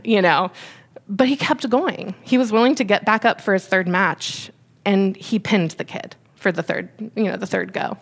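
A woman's voice: medium pitch, animated, moderate pace, fairly bright tone. Candid mother giving a parenting talk. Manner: candid, conversational, many fillers; emotional, fighting back tears. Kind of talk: personal talk to an audience.

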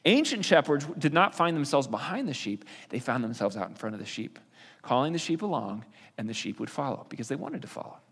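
A man's voice: mid-range voice, sing-song, a little fast, vocal fry, a bit bright, slightly rough. A man teaching a sermon in a conversational way, explaining with fillers and restarts. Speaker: pastor. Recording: long reverb of a hall.

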